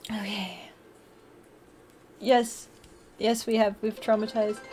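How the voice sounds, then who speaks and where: A woman's voice: high voice, a little slow, long pauses, soft background music. A woman streamer chatting casually on a live stream, bubbly, often gasping and laughing as she thanks her viewers.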